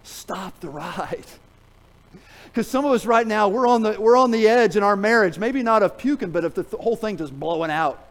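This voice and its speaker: A middle-aged man preaching a sermon in a church, telling a story with humor, then dropping to a quiet, earnest tone to drive a point home. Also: sits high, fast talker, few pauses, rough recording. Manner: animated storytelling, jokes with the congregation; drops to a quiet, earnest tone for emphasis. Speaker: pastor. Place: church sanctuary.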